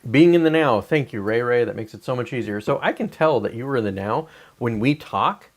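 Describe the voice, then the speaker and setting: A man in his forties hosts a livestream with lively intonation, talking a little fast. His casual chat is rambling, profane and digressive, and he mocks complainers by imitating whiners in high, whiny voices.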